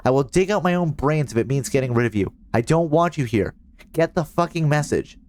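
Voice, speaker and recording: A man voicing a bitter, furious teenage boy who shouts curses at someone he wants gone. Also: on the low side, expressive, quick pace, a little hiss or hum, natural voice. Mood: angry.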